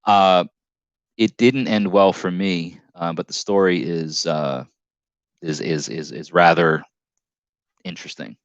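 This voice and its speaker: Man, live stream host, rambling and jokey, lowish voice, dull dry sound. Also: fairly even intonation, slow, pauses often, no echo. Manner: rambling, jokey, stumbling restarts. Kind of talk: casual live stream chat reading comments.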